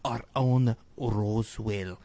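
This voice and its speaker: Dark, slow-talking accented professor, as a man puts him on, comedy sketch. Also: lowish voice, fairly even intonation, no room sound. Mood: grave. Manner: slow, heavily accented, broken speech. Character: slow, grave male professor with a heavy accent.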